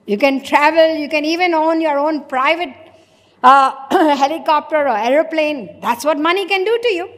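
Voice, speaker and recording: Woman, spiritual sermon, high voice, long hall reverb. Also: normal speed, a bit bright. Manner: rhetorical, plays out imagined dialogues. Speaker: spiritual lecturer.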